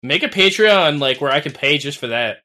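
A man co-hosting a podcast with quick wisecracks in casual banter. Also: on the high side, lively intonation, sharp tone. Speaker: podcast co-host.

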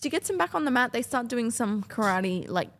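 A young woman tells a chaotic story on a podcast. Her voice sits a little high, and she swears freely and acts out what everyone said. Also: a little fast. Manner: animated, swearing, acts out other people's lines. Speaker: podcast co-host. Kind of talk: casual storytelling chat.

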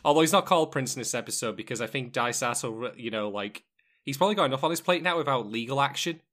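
Male host, animated pitch, bright tone, rambling and jokey. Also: fast talker. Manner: rambling, wry and joking, many fillers and asides. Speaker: podcast host. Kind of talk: casual chat.

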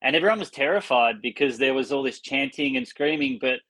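Man, podcast guest, mid pitch, easy chatty delivery. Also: fairly quick, a bit bright, poor audio. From Australia. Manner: conversational, with many fillers. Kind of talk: casual chat.

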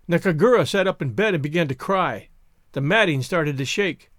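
A male podcast host reads a classic story aloud in an expressive storytelling manner. His voice sits high and moves lively through its range. The recording is dry and close. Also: normal speed, no room sound. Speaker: podcast narrator. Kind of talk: scripted narration.

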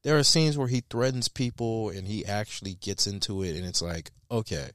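A man hosting a casual film review chat, animated and profane, laughing often and restarting his sentences. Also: lowish voice, a little fast, no echo, clean studio sound. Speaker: podcast host reviewing a film.

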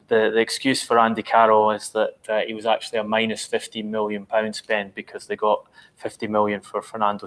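Low, flat-voiced man analyzing football. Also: rough recording. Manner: hesitant, frequent ums, analytical. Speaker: football pundit. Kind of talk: casual podcast discussion.

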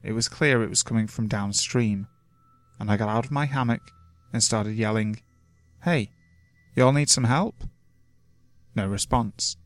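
A man reading first-person scary stories from the woods as scripted horror narration, steady and measured. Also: on the low side, dry recording. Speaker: creepypasta narrator. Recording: faint music underneath.

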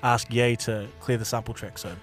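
Male co-host, casual chat, quick to laugh, faint music underneath. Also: mid-range voice, little pitch movement. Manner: chatty, laughs often, many fillers. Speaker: podcast co-host.

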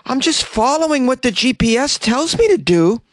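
A man putting on the voice of a giddy, oblivious young woman driver, high and bubbly, for a talk radio bit. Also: very animated, moderate pace, no room sound, clean studio sound. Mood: cheerfully oblivious. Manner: high-pitched, bubbly and clueless.

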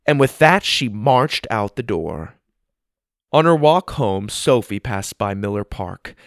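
A man narrating a children's story in an expressive, animated reading style. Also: on the low side, slow pace, dry recording, studio quality.

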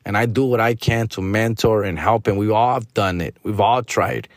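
A man's voice: lowish voice, normal speed, no echo, clean studio sound. A man hosting a podcast, telling a story as a casual rant, profane and slangy, mixing in Spanish. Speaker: podcast host.

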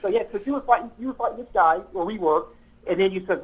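A man's voice: high voice, fast. A man, a former police officer, telling old patrol stories in casual chat, rambling and correcting himself as he goes. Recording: tinny phone-like line.

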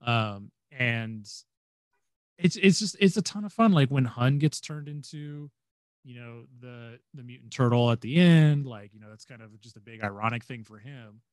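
A man's voice: mid-range voice, lively intonation, normal speed, darkish tone, clean tone, dry recording. A young man chatting casually as a podcast co-host, rambling with many fillers and restarts. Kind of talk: casual fan chat.

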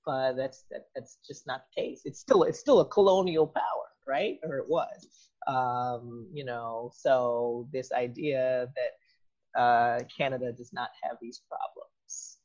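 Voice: medium pitch, fairly even intonation, a little slow, darkish tone. A host in a casual conversation with a mid-range voice, speaking reflectively and padding thoughts with fillers and asides. The recording is dull and lo-fi. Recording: dull lo-fi sound.

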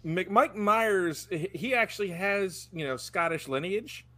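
Animated man in casual chat. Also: high-pitched, unhurried, dry recording.

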